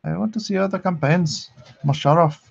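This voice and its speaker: The host of this drawing livestream has a fairly high voice with vocal fry and a slightly rough quality, speaking at normal speed over lo-fi audio. He's relaxed and chatty, reading viewers' messages aloud and laughing at them.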